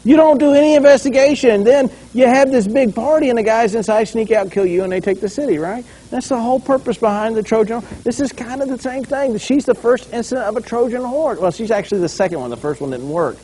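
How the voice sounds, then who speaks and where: A man's voice: extremely high pitch, quick pace, few pauses, breathy edge. A man preaching a conversational sermon as a pastor, acting out scenes along the way. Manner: animated, conversational, acts out scenes.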